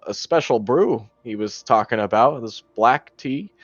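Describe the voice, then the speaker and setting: A man's voice: mid-range voice, lively intonation, unhurried, no room sound. Friendly man playing in character. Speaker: player voicing his character. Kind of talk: tabletop role-play in character. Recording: dull sound, faint music behind.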